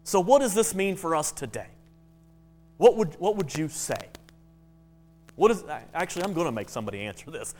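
Man, high voice, Bible class preacher, animated storytelling, stumbling restarts. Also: moderate pace, pauses often. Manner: animated, with frequent repeated-word restarts.

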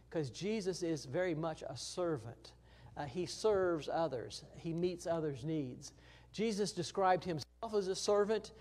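A man teaching through a Bible passage in a conversational, folksy way, with many fillers and restarts, getting louder for emphasis and quieter for gentle points. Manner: rises in pitch and volume for emphasis, drops low for tender points.

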